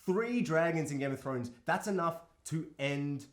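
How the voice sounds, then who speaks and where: A slightly high-pitched man co-hosting a casual film podcast. He talks in an animated, incredulous way, swears freely and keeps acting out lines. The room is noticeably echoey. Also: unhurried. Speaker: podcast co-host.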